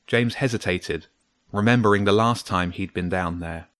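A man reading a children's story aloud in a measured, steady way. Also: lowish voice, dry recording. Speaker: narrator. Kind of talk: scripted storybook narration.

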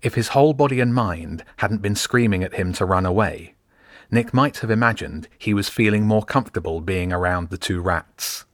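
Deep-voiced male audiobook narrator. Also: no room sound, clean studio sound. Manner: measured, gentle storytelling. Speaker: author and narrator.

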